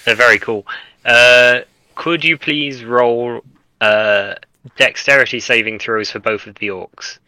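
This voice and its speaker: A man's voice: mid-range voice, steady tone, slow pace, bright, forceful tone, no echo, rough recording. A man playing a tabletop game, joking around and asking about the rules. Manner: playful, jokey, repeats words. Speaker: player. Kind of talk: casual tabletop game play.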